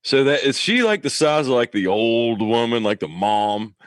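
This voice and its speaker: A man's voice: medium pitch, expressive, normal speed, dry recording, clean studio sound. A man co-hosting a podcast who teases and swears in casual talk. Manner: teasing and profane. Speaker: podcast co-host.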